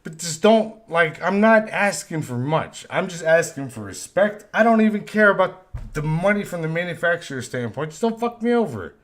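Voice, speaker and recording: A man's voice: on the high side, animated, normal speed, fairly bright tone. A man ranting on a live stream, frustrated and profane, often repeating himself. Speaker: live stream host, vector artist.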